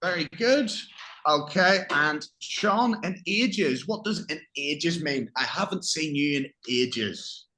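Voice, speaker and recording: Man, teacher, bright tone, encouraging questions. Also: on the high side, animated, takes it slowly, a little hiss or hum. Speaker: English teacher. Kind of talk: classroom vocabulary review.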